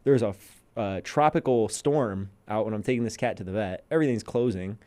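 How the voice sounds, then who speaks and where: A man's voice: fairly low pitch, fairly quick. A young man, a podcast guest, telling a personal story in casual chat and acting out what people said. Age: young adult. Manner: animated storyteller, acts out quotes.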